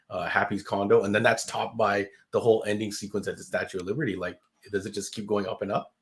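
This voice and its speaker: A man's voice: on the low side, steady tone, quick pace, fairly bright tone. A man co-hosting a live show, chatting casually and laughing often. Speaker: co-host.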